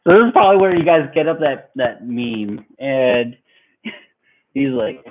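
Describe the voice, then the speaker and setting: A man's voice: mid-range voice, measured pace. Young man telling a story over tinny audio. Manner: rambling, animated, laughing at his own story. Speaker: vlogger. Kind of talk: casual storytelling.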